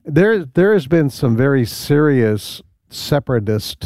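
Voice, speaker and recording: A man on a discussion panel, recounting events in a measured, storytelling way. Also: medium pitch, big pitch swings, darkish tone, no echo, clean studio sound. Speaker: panel guest.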